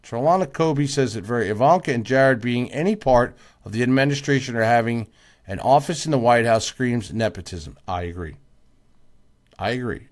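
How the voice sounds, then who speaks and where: A tired man hosting a casual livestream, answering viewer comments by name in an emphatic, repetitive way and yawning now and then. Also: mid-range voice. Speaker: livestream host.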